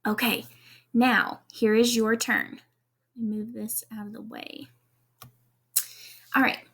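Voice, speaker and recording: A woman teaching kindergarten in a video lesson, encouraging and clear, spelling out letters one at a time for young children. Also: fairly high pitch, little pitch movement, slow, long pauses, a bit bright.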